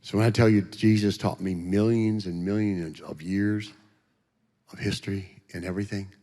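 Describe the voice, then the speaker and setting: An animated man giving his testimony from a church platform, joking and acting out voices as he goes. His fairly low voice carries a long reverb through the church sanctuary. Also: moderate pace. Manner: animated, joking storyteller who acts out voices. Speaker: guest speaker giving a testimony.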